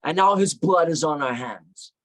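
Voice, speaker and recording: A man's voice: fairly high pitch, expressive, moderate pace, lightly acted, rough recording. A man voicing an ancient older brother, raised and accusing in anguish. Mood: reproachful.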